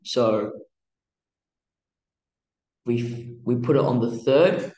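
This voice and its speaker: A man teaching music theory in a casual, halting way, with many fillers and restarts. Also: mid-range voice, dark tone, roomy sound, low-quality recording. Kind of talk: casual explanatory lesson.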